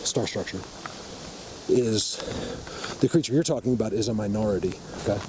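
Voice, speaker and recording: A man's voice: lowish voice, normal speed. A man vlogging on a walk through a forest, talking emphatically and insistently to his viewers through the camera mic. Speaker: vlogger, Bigfoot field researcher. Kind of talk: walk-and-talk field vlog. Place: outdoors in a forest. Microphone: camera mic while filming. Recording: outdoor ambience, noisy, faint vehicle.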